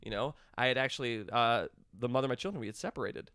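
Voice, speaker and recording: A man in his thirties telling a story in casual chat, animated and acting out the people he quotes. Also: medium pitch, fast talker, clear, resonant tone, no echo, studio quality. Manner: animated, acts out quoted dialogue. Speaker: guest, clinic staff member.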